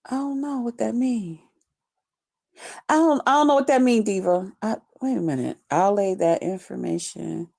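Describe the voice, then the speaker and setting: A woman with a mellow, mid-range voice and some vocal fry hosts a casual live stream at a moderate pace. Reading her chat in unscripted talk, she speaks loosely, swears, and greets viewers by name, laughing often as she does.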